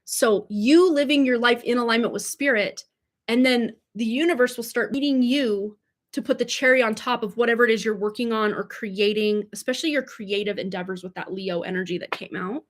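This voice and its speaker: A woman's voice: on the high side, a little fast. A woman giving a casual livestream tarot reading, chatty and rambling, tripping over words and laughing them off. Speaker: tarot reader. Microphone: livestream mic.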